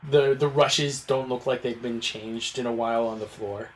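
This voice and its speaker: A man's voice: medium pitch, moderate pace. Laid-back male game master. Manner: relaxed, rambling, many fillers and laughs. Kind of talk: narrating a tabletop game.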